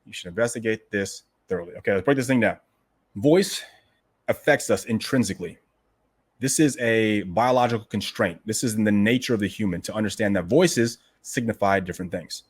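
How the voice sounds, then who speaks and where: Guy with a lowish voice reading a bit out then breaking it down, casual and emphatic, lots of "right?". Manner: emphatic and conversational, keeps asking "right?" and addressing "guys". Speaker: host explaining a martial arts classic. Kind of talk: reading passages aloud, then explaining them casually.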